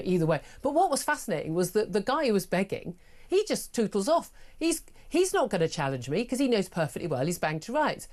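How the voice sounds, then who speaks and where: A woman hosting a talk radio show, arguing forcefully and indignantly and mocking opposing views. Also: a little high. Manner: forceful, indignant, mocking voices of others in anecdotes. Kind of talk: opinionated talk radio debate.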